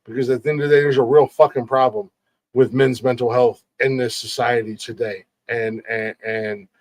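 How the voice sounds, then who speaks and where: A man's voice: mid-range voice, flat delivery, moderate pace. Earnest, profane middle-aged male podcast host. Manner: emphatic and profane, often says "man"; earnest, with many restarts and repeated words. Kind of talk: casual podcast talk.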